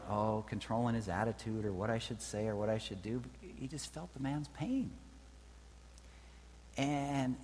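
A man's voice: mid-range voice, darkish tone. Man preaching in a reverberant hall. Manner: conversational, checks in with the audience often. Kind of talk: sermon. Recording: reverberant hall with faint hum.

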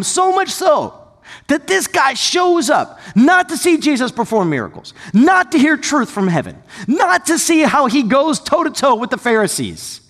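A male pastor preaches in a high, lively voice that leaps up and down as he tells the story. He talks to the congregation casually, breaking into sudden shouts and joking asides. His voice rings with the long reverb of a church hall. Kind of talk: sermon.

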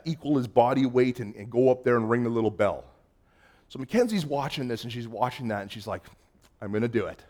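A man preaching a sermon as pastor, moving between loud emphasis and hushed, quiet passages and acting out quoted voices. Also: mid-range voice.

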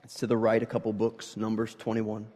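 Preacher with echoing hall reverb. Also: male voice, lowish voice, completely flat delivery, fairly quick. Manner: swings from quiet reading to loud emphatic preaching; conversational, with fillers and restarts. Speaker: pastor. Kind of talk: sermon.

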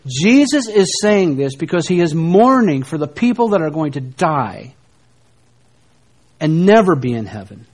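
A middle-aged man from the United States delivers a sermon in a fairly high voice. He drops to hushed, low lines, then rises into emphatic questions. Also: big pitch swings, unhurried. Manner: preaching, shifting between soft hushed lines and emphatic rises. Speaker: pastor.

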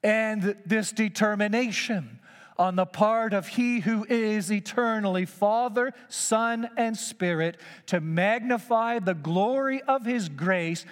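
A man's voice: sits high, in a large hall. A man preaching a sermon, emphatic and repeating key phrases for weight.

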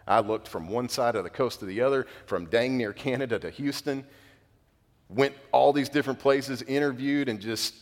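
A man's voice: medium pitch, moderate pace. A man preaching a sermon as a pastor, earnest and conversational, dropping casual fillers as he speaks to his church. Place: church sanctuary. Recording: long reverb of a large hall.

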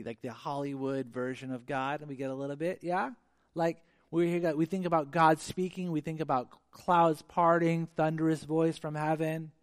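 A man preaching a sermon in an animated, conversational way, often restarting his sentences. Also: a little high, no echo, studio quality. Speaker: pastor.

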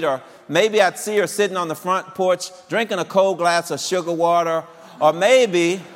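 Animated storytelling man in a hall. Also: a little high. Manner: animated storyteller, laughs often. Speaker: speaker addressing singles. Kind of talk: personal storytelling talk.

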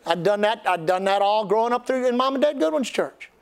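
Older preacher guy, really high voice, folksy funny storytelling, lots of restarts. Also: animated, a little fast, gravelly, smooth. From Texas. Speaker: pastor. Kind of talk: sermon storytelling.

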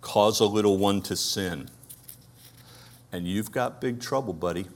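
A male pastor with a Brooklyn accent delivers a sermon in a fairly low voice. He preaches in a conversational way, putting rhetorical questions to his congregation. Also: unhurried.

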